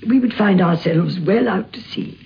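Woman calmly reading a memoir, gravelly. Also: mid-range voice, moderate pace, highs cut off, slight background noise. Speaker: narrator.

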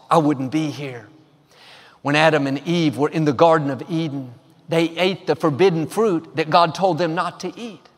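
A man preaching with a high, bright-toned voice, pressing each affirmation with growing emphasis. His words ring out with the long reverb of a large hall. He delivers a sermon to a congregation. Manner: emphatic, declaring affirmations with rising force. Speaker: pastor.

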